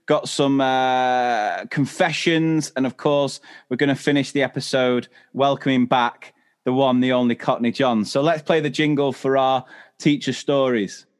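A man's voice: medium pitch, fairly even intonation, a little slow, smooth. A British man co-hosting a chatty podcast, reading listener stories aloud and often breaking into laughter. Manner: giggly, laughs often through his reading. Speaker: podcast co-host.

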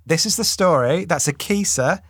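A man, a comedian, retelling a half-remembered story in a rambling, chuckling way, with slow dramatic emphasis. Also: on the high side, expressive, fairly bright tone, breathy edge, no room sound. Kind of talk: casual storytelling.

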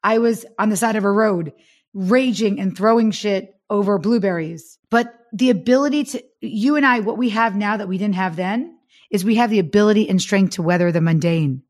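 A woman's voice: mid-range voice, normal speed, a little mellow. A woman author, a guest on a podcast, speaking with passion and emphasis about her ideas. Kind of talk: interview conversation.

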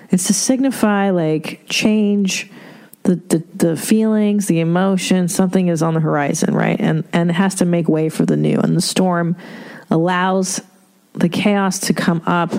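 A middle-aged woman hosts an advice podcast, delivering a casual monologue candidly and with profanity, laughter and rhetorical asides. Her voice is lowish, a little slow, gravelly and somewhat mellow.

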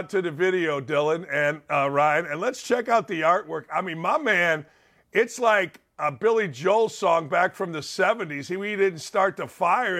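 A man hosting a sports talk show, delivering a sarcastic, heated commentary rant with bursts of shouting. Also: high voice.

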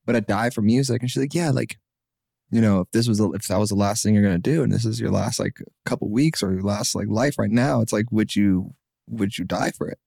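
A young man in his twenties tells his story as a podcast guest, his low voice rough with vocal fry. He talks casually and animatedly, acting out what other people said. The close mic sounds dry. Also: quick pace, no room sound. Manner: animated, acts out quotes, many fillers. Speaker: podcast guest, singer-songwriter.

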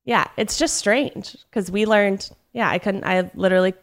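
A woman hosting a podcast, talking earnestly. She often stops and restarts her sentences as she looks for words. Her voice sits at an ordinary middle pitch. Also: normal speed. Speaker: podcast host. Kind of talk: casual chat.

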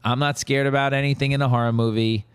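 A man's voice: medium pitch, fast talker, clean tone, dry recording. A man co-hosting a casual talk show, telling a behind-the-scenes story and acting out what people said. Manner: animated storyteller, quoting others in raised voice.

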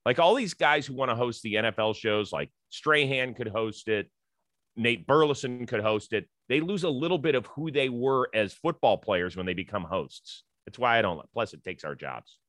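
A man hosting a sports talk show, chatty and emphatic, quick to joke. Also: medium pitch, expressive, fairly bright tone, no room sound, studio quality.

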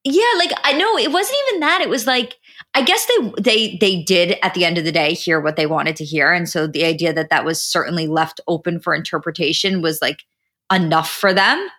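A woman's voice: fairly low pitch, brisk. A woman co-hosting a podcast, talking animatedly with many "like"s and some swearing. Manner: animated, fills talk with "like", swears. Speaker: podcast co-host. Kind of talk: casual recap chat.

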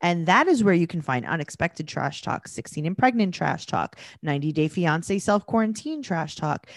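A woman's voice: on the low side, animated, moderate pace, no room sound, studio quality. A woman comedian hosting a podcast, chatting casually in a wry, joking way.

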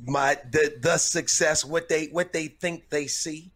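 A man's voice: on the high side, fairly even intonation, unhurried, fairly bright tone. A man comedian in casual conversation who rambles, restarts his sentences and brags with humor. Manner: rambling, self-correcting, boastful humor. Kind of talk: casual podcast chat.

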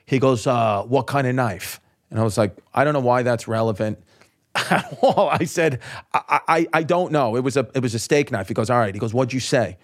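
A man, a comedian guest on a podcast, telling a story in quick, profane bursts and acting out the people he quotes. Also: medium pitch. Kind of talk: animated storytelling.

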